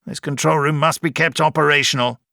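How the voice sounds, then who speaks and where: A man's voice: on the high side, fairly even intonation, fairly quick, vocal fry, pushed and bright, no echo, studio quality, voice pushed up. A man voicing a weary space station commander in an audiobook, clipped and commanding. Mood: grim.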